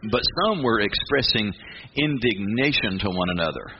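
Male pastor, casual and emphatic, mid pitch; dull, hissy recording. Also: moderate pace. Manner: conversational, emphatic, folksy. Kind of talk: sermon. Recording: muffled with steady hiss.

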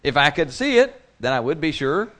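A man voicing an exasperated doubter in a high, strained, complaining voice as he preaches. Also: big pitch swings, moderate pace, fairly bright tone.

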